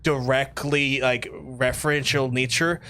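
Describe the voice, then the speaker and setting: A man's voice: mid-range voice, steady tone, measured pace, bright, forceful tone. A talkative man with a slightly nasal northern Irish accent chats with his viewers while he plays a game on a livestream. He rambles from one thought to the next, swears freely and thanks people by name. A faint noise sits under his voice. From Ireland. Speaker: streamer. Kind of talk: casual livestream chat while gaming.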